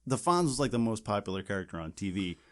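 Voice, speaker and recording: A man's voice: fairly low pitch, sing-song, fast talker. A man co-hosting a podcast, chatting casually and rambling with many restarts and fillers. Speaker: podcast co-host. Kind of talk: casual chat.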